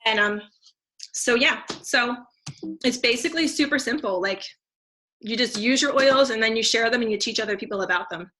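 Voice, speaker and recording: A woman in her thirties tells her story in a loose, chatty way, full of "like" and "um". Her voice sits a little high and rings bright and forward. She sounds effusive and sincere. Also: moderate pace. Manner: chatty and effusive, many fillers and restarts. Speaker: teacher and essential oils seller. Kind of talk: casual testimonial talk.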